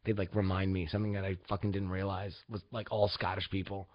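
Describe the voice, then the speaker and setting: A man's voice: deep voice, little pitch movement, fast talker. A young man hosting a casual weekly talk show, rambling in a profane, sarcastic way about upcoming releases. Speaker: host. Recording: dull lo-fi recording.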